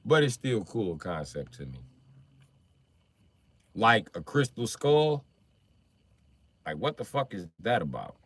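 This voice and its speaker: A man hosting a livestream in casual, rambling chat, swearing constantly and breaking into loud outbursts. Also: on the low side, sing-song, slow pace, pauses often, no echo. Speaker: livestream host.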